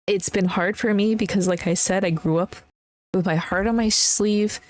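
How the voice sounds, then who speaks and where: A young woman hosting her own podcast, talking in an earnest, emotional and encouraging way, with many pauses and fillers. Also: mid-range voice, fairly even intonation. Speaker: podcast host. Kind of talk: casual solo podcast talk.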